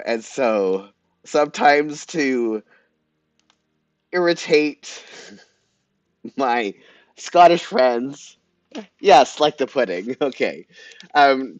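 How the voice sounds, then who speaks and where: A man's voice: mid-range voice, animated, slow, long pauses, dry recording, lo-fi sound. A man with a Canadian accent hosting a casual live planning chat, talking to viewers by name and laughing often. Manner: chatty, giggly, addresses viewers by name. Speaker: livestream host.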